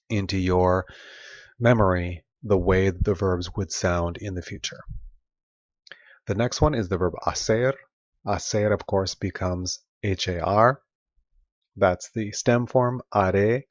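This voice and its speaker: A man teaching a recorded Spanish grammar lesson, explaining patiently and repeating example phrases slowly. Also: deep voice, no echo. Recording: dull lo-fi sound, dry.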